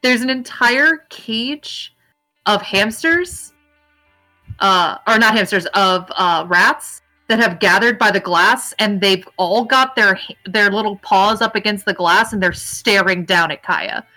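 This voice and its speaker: A woman's voice: mid-range voice, measured pace, bright, forceful tone, soft background music, low-quality recording. A woman narrating as game master, casual and chatty, with plenty of fillers. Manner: casual, filler-heavy narration with dog noises.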